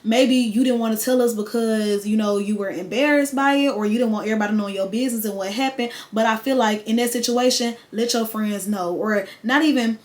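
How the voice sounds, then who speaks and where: A young woman chats through a story for her channel. Her voice sits a little high, and she slips into quoted voices as she retells what happened. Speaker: vlogger. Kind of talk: casual storytime.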